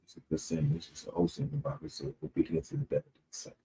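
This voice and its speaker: A man co-hosting a casual livestream chat, preachy and quoting scripture, with a gravelly voice. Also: medium pitch, very animated, rapid-fire, dark tone, low-quality recording. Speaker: co-host.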